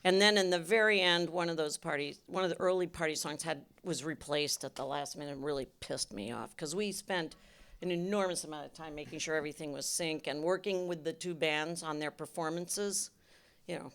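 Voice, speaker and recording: An older woman, a film director, answering audience questions on a stage panel in an emphatic, animated way. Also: sits low, brisk, clear, resonant tone. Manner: emphatic, animated storytelling with restarts. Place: cinema auditorium.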